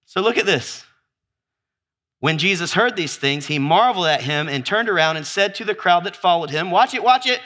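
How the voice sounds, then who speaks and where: Lively high-voiced animated male preacher. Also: normal speed. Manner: exuberant, acts out scenes with whoops and laughter. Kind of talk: animated sermon with audience call-and-response.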